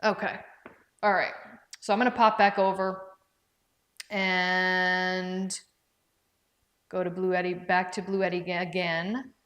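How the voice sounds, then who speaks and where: A woman's voice: lowish voice, level tone, a little slow, long pauses, fairly bright tone. A woman hosting a casual live stream from home, chatting with viewers by name and thinking aloud as she checks prices. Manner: chatty, talks to viewers by name and reads out comments. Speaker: livestream product presenter. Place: indoors at home with her dog.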